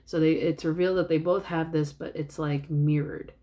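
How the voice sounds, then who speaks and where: A woman's voice: deep voice, fairly even intonation, moderate pace, dark tone. A woman vlogger casually retelling a film plot in a rambling way. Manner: rambling, many fillers and restarts.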